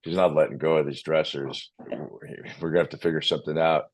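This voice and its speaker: A man, a real estate agent, telling a story in casual conversation, animated and acting out the people he quotes. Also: very deep voice, brisk. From Hawaii.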